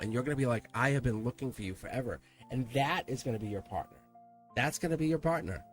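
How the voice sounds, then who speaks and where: A man hosting a live-streamed tarot reading, speaking earnestly and emphatically and repeating himself for emphasis. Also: mid-range voice. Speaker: tarot reader.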